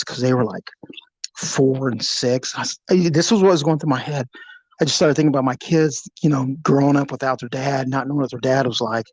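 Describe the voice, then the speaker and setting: A middle-aged man, a former police officer, telling a personal story in an animated, vivid way, acting out the sounds. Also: mid-range voice, brisk, slightly rough, no room sound, rough recording. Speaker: retired police officer recounting a shooting. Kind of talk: storytelling in an interview.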